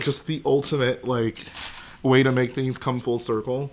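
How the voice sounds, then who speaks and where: A man's voice: medium pitch, level tone, unhurried, slight background noise. Joking young man streamer. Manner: joking, chatty, responds to chat. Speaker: livestream host. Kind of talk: casual livestream chat.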